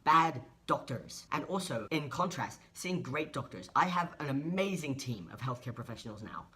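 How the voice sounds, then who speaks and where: A man's voice: medium pitch, lively intonation, normal speed, pushed and bright. Earnest young man vlogging. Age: 20s. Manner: earnest, heartfelt, emotional. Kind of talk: personal vlog monologue.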